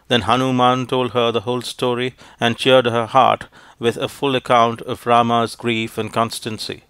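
A man narrating an audiobook in measured, formal storytelling. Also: medium pitch, level tone, a bit bright, clear, resonant tone, no echo.

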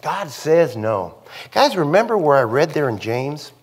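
A male pastor delivers a sermon in a church with an animated, conversational style, often checking in with the congregation. His voice sits high and swings widely in pitch as he preaches. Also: measured pace, husky.

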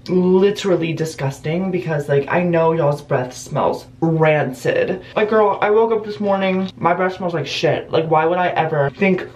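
A man's voice: a little high, measured pace, hardly any pauses, darkish tone, slight background noise. A young man filming a casual vlog at home in his bedroom and bathroom, talking in a sarcastic, self-mocking and dramatic way. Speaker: vlogger.

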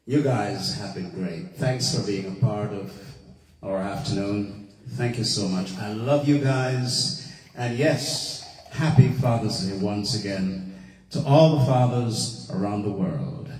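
A man co-hosting a casual livestream, joking and giving relaxed shout-outs. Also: fairly low pitch, slow pace. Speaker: co-host. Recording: distant, echoey room with long reverb.

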